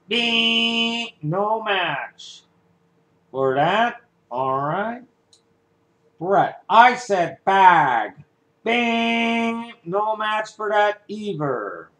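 A man's voice: high voice, a bit bright, echoey room. A man playing every part of a game show by himself, with announcer patter, humming its theme music himself. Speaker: one-man game show parody performer. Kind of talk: playful solo game show imitation.

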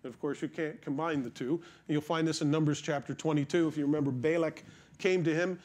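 Guy pastor telling a bible story in a sermon, kinda high voice, lots of asides. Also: brisk. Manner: storytelling, animated, addresses congregation.

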